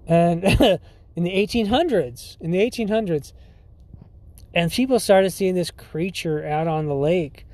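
A man's voice: sits high, unhurried, a little mellow, no room sound. A man hosting a podcast, telling a story in a rambling casual way with lots of likes, dudes and swearing, often laughing. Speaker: podcast host.

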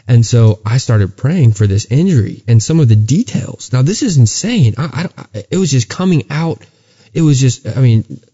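A man's voice: medium pitch, warm tone, dull audio. A man co-hosting a podcast, telling a story of his faith in an earnest, casual way, often stumbling and restarting. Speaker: podcast co-host. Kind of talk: casual chat and testimony.

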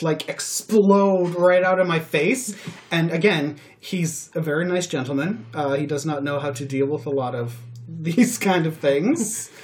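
A man with a slightly high voice talks through his own stories on a casual podcast. He rambles and stacks up fillers as he goes, and his delivery stays animated. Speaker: podcast host. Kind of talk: casual chat.

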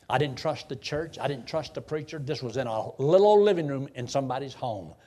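A man, a preacher telling his conversion story in a folksy way, swinging from loud bursts to hushed lows. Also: lively intonation, brisk, hardly any pauses. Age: 70s. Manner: folksy storytelling with sudden emotional swells and hushed drops. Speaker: preacher giving his testimony. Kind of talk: sermon testimony.

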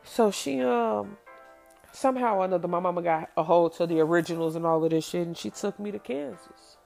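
Woman, gravelly voice, blunt, profane, personal storytelling, faint music behind. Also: lowish voice, a little fast, darkish tone.

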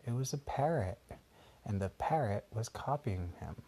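A man's voice: on the low side, animated, unhurried, mellow, slightly rough. A man patiently improvising a bedtime story for a child and explaining things along the way. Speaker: parent telling a bedtime story.

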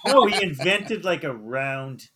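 Podcast host guy in a shed, kinda high voice, loud and goofy, tells stories all over the place. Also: big pitch swings, measured pace, a loud crowd. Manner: loud, jokey, rambling storyteller. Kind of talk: casual podcast banter.

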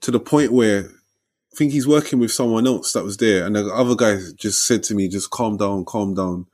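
A young man telling a story in casual chat, lively and slangy, ending lines with "innit" and "yeah". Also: on the low side, moderate pace.

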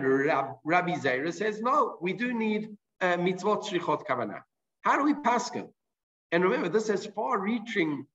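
A man with a high voice gives an explanatory Talmud lesson. He reads out the Hebrew and Aramaic phrases and then works through what they mean in English. The recording is dull and lo-fi. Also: fairly bright tone. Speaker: Talmud teacher.

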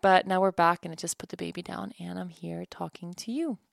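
A woman in her thirties chatting on her own podcast from home, candid and quick to laugh, her sentences looping back on themselves. Her voice sits fairly low and carries a gravelly fry. The sound is dry and close. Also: steady tone, no room sound. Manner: candid, laughing often, rambling with restarts. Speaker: podcast host. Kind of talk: casual solo podcast chat.

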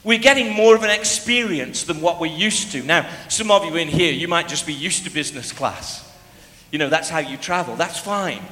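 A man preaching a sermon, telling a story in a lively way and sometimes breaking into shouts as he acts it out. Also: a little high, normal speed, a little hiss or hum. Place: church hall. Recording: echoey hall, faint ambience.

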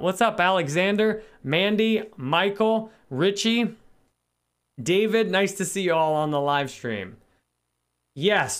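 A man hosting a live stream, calmly talking viewers through self-help steps and greeting them by name. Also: on the high side. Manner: calm, reflective, greets viewers by name between points. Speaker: live stream host and spiritual teacher.

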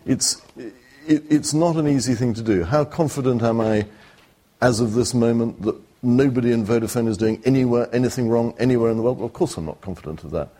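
A man on a discussion panel answering a question in a measured, halting way, with restarts. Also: medium pitch, warm tone. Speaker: panelist, company executive.

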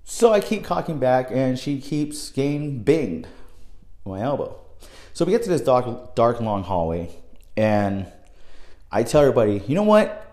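Animated profane young man telling a story. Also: medium pitch, unhurried, roomy sound. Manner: animated, profane, swings from quiet to loud exclaims. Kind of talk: casual storytelling.

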